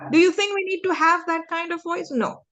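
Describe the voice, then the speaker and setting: A woman's voice: extremely high pitch, brisk. A woman leading an interactive public speaking lesson for young students, asking the class questions and acting out her points. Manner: animated, demonstrative, asks the class questions.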